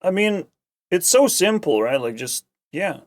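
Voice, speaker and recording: A man's voice: high voice, sing-song, unhurried. A man ranting sarcastically as a streamer, swearing constantly and rambling. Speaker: streamer reacting to a video. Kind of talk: casual profane rant.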